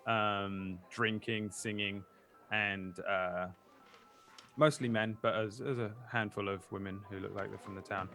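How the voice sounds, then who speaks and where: A man's voice: lowish voice, fairly even intonation, unhurried, sharp tone, soft background music. A man narrating a tabletop game as game master, describing scenes playfully.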